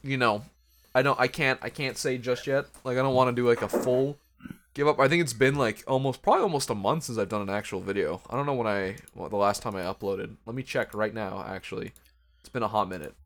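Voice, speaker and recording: A man's voice: medium pitch, fast, fairly bright tone, slight background noise. A young man hosting a casual podcast chat with friends, loose and joking and swearing freely. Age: young adult. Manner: loose, laughing, swears a lot. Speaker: podcast host.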